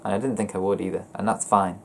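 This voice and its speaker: A young man vlogging about his feelings in a flat, monotone voice, hesitant and often stopping to correct himself. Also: low voice, vocal fry, a little hiss or hum. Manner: hesitant, halting and self-correcting. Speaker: gaming YouTuber. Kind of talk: personal confessional vlog.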